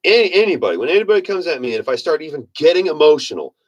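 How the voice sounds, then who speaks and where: A man's voice: on the high side, sing-song, very fast, lo-fi sound. A man giving a casual motivational monologue in a rambling, folksy manner, often correcting himself. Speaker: self-help speaker.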